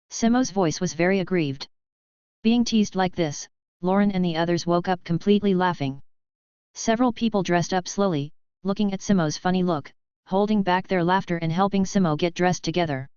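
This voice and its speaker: A woman reading a fan-fiction audiobook in an even, unhurried scripted narration. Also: lowish voice, clean tone, no room sound, dull audio.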